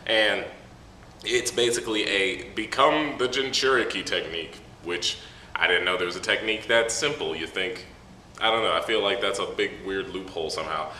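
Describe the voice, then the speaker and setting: A man's voice: low voice, moderate pace, bright, forceful tone. A man casually reviewing a manga chapter on a camera mic, rambling with profane, laughing asides. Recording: echoey room, faint noise.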